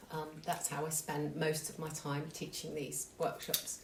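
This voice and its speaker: A woman telling a true story to an audience in an unhurried, conversational, self-deprecating way. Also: low-pitched, level tone. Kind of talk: live storytelling. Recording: echoey hall, distant mic, faint noise.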